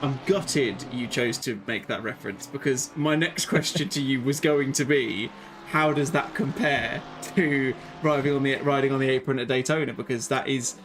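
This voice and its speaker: A chatty, rambling man commentates on a live sim racing stream, mid-pitched and easygoing. He laughs easily and drifts into side stories. Steady game noise sits behind his voice. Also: normal speed. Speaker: race commentator.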